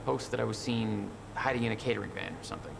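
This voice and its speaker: An actor playing a guarded young man in a video game, talking low-key and weary. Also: fast talker, creaky. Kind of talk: game dialogue. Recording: game audio under a stream, noisy.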